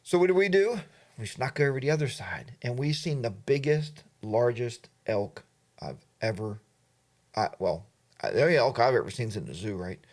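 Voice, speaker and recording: A man's voice: medium pitch, lively intonation, moderate pace, a little mellow. A middle-aged man hosting a livestream, telling a rambling story and reading out chat comments, with lots of fillers and asides. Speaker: livestream host.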